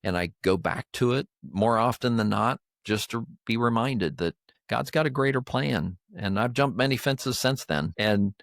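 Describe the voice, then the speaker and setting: A man's voice: mid-range voice, normal speed, vocal fry, dry recording, clean studio sound. An older man co-hosting a podcast, telling a personal faith story in an earnest, emotional way. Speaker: podcast co-host. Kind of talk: heartfelt storytelling chat.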